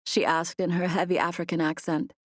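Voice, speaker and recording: Woman with a low, even voice for a first-person audiobook; close, dry studio read. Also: a little fast, no echo. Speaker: audiobook narrator. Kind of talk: scripted first-person narration. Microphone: close studio mic.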